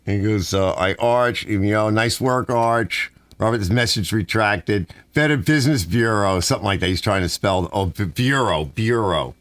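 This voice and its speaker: A man's voice: fairly low pitch, moderate pace, few pauses, fairly bright tone. A middle-aged man telling meandering personal stories and acting out the dialogue of the people in them. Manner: meandering, acts out dialogue, frequent restarts. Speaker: channel host. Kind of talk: rambling personal storytelling.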